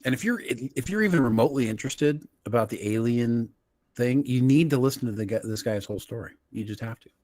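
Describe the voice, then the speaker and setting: A man's voice: mid-range voice, animated, a little fast, darkish tone, dry recording. A man co-hosting a live-streamed podcast, teasing his partner and walking the audience through a story. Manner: teasing, explains stories to the audience. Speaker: podcast co-host. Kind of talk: casual live-stream chat.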